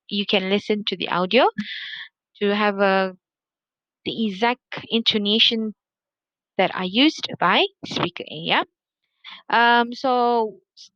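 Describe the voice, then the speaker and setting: A woman's voice: medium pitch, pushed and bright, no room sound. A woman teaches a recorded university lesson in an easy, conversational manner. She keeps checking in with her students and repeats points as she goes. The sound is dull and lo-fi, dry and close. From Malaysia. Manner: chatty, repeats herself, many checking tags like "yeah?" and "okay". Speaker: university lecturer. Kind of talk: recorded online lecture.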